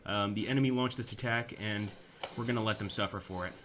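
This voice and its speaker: Bright-voiced young man narrating a war game. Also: fairly low pitch, quick pace, slight background noise. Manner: chatty, thinking aloud with fillers and restarts. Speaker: gameplay commentator. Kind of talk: casual gameplay commentary.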